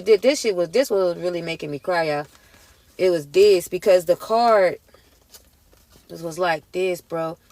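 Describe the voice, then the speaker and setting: A woman doing a casual tarot reading, talking straight to her viewers in an emphatic, slangy way and getting worked up as she goes. Her voice sits at an ordinary middle pitch. The sound is dry and close, with no room around it. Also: dry recording. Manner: emotional, emphatic, slangy, addresses viewers as y'all. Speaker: tarot reader.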